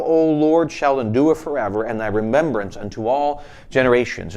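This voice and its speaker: A man pastor giving a devotional sermon, reading scripture aloud and speaking earnestly, turning soft and pleading when he voices prayers. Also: medium pitch. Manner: earnest devotional teaching, reads scripture aloud in King James wording.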